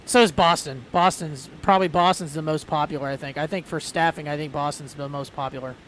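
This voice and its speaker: Guy rambling casually about flight sim stuff, a bit higher voice, faint hiss behind. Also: fairly even intonation, a little fast, a bit bright. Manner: chatty, rambling, lots of fillers. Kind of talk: casual chat.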